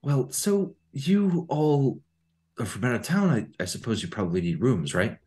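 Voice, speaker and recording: A man voicing a curious small-town innkeeper woman in a tabletop game, speaking in slow, drawn-out questions. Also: very deep voice, big pitch swings, darkish tone, pitched above the performer's own voice. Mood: matter-of-fact. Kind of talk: tabletop role-play voicing.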